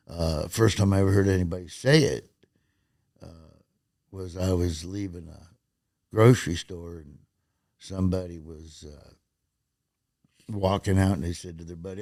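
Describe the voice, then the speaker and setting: Gravelly-voiced comedian telling stories. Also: male voice, low voice, no echo, clean studio sound. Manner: animated storyteller, acts out quotes in raised voices. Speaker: stand-up comedian. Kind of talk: casual storytelling in an interview.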